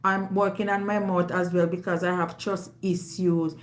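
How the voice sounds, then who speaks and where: A Jamaican woman hosting a live stream, talking in a loud, emphatic, forthright way. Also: lowish voice, level tone, moderate pace. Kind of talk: casual live-stream chat. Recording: roomy echo.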